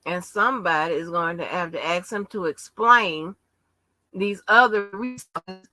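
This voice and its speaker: A woman hosting a casual livestream, talking bluntly and combatively with frequent swearing and halting restarts. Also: lowish voice, sharp tone, no echo, low-quality recording. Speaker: livestream host.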